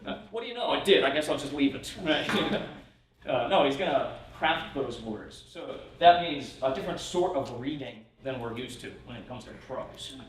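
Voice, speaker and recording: A man's voice: medium pitch, lively intonation, normal speed, a little hiss or hum. A man teaching a workshop on reading poetry, in a casual, chuckling way with many fillers and restarts. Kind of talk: conference lecture. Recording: roomy hall from a distant mic.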